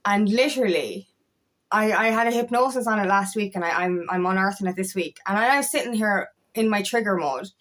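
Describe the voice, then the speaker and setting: A woman's voice: mid-range voice, fairly quick, a bit bright. A woman coach talking candidly to camera about spiritual healing, swearing freely and padding with "like" and "you know". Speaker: empowerment coach. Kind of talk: casual spiritual talk to camera.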